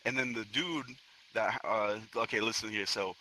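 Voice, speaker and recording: A man's voice: lowish voice, moderate pace, slight background noise, poor audio. Profane, rambling young man from Florida. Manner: profane street slang, rambling and animated. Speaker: storyteller. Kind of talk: casual storytelling among friends. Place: online virtual social space.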